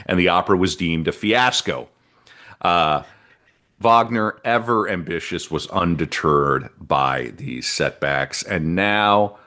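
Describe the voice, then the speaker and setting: A man with a deep, low-pitched voice talks through a history podcast in a casual way. He rambles, reads bits from his notes and drifts into side comments. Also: fairly bright tone. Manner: chatty and rambling, reads from notes, breaks off into asides. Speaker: podcast co-host presenting the history.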